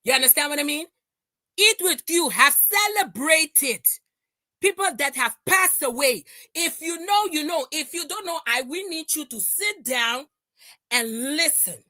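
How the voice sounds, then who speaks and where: High, lively, bright-voiced woman ranting. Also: measured pace, no room sound, studio quality. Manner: confrontational, repeats lines, shouts at times. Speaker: livestream host. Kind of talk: heated livestream rant.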